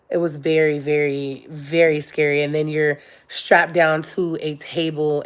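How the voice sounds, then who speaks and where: Young woman on a live vlog, low voice, open and emotional, lots of ums. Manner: candid and emotional, many fillers. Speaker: vlogger. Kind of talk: casual live-stream chat.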